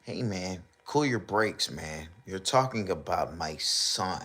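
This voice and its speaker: A man with commentating a live stream, ranting and joking loudly with slang and mocking put-on voices. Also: sits low, lively intonation, slow. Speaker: streamer reacting to videos.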